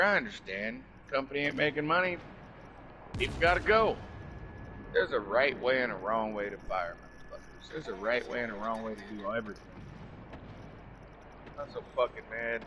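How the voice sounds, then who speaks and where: A man in casual chat angrily recounts a story, swearing heavily and repeating "I said" as he quotes himself. His medium-pitched voice is animated at normal speed, with the highs cut off and background noise present.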